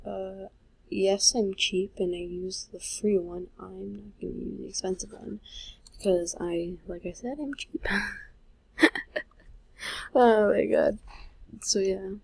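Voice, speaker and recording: Slow, breathy female gaming vlogger. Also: mid-range voice, steady tone, warm tone, dry recording, low-quality recording. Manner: rambling and self-mocking, trailing off; talking while typing and playing. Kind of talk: casual gameplay commentary. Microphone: handheld microphone.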